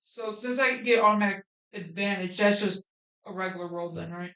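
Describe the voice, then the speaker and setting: Bright-voiced player in an echoey room. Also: male voice, high voice, normal speed. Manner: hesitant, counting dice aloud. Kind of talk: casual tabletop play.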